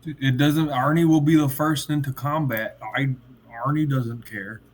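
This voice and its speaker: A man's voice: fairly high pitch, fairly even intonation, moderate pace. A man playing a tabletop game, joking playfully about his character. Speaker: player. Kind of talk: casual tabletop play.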